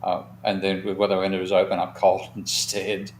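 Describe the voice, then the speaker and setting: This economist and show host has a low, monotone voice and a brisk delivery, recorded in a roomy space with faint hiss or hum. Leading a live discussion, he tells long, rambling stories with candor and occasional profanity.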